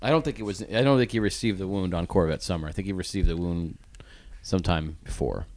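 A man's voice: deep voice, fast talker, darkish tone. A man co-hosting a podcast, joking and riffing in casual banter. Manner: joking, riffing, laughs often. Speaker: podcast co-host.

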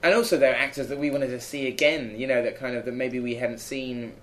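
A man's voice: medium pitch, steady tone, brisk, a bit bright. A man talking as a filmmaker guest in a casual podcast chat, rambling with lots of fillers and plenty of enthusiasm.

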